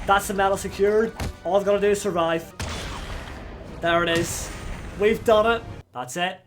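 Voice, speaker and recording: A young man with a high voice talks through a game as he plays it, getting excited and shouting at it. his commentary is loose and he swears freely, with faint game music playing behind him. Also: normal speed. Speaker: gaming channel host. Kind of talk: let's play commentary.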